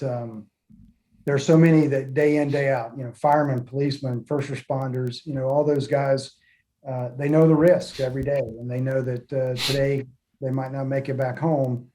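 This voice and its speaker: A middle-aged man talks in an earnest, measured way, pausing on fillers and restarting his sentences. His voice is mellow and relaxed, sitting at an ordinary pitch for a man. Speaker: podcast guest, former military pilot. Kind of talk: reflective interview talk.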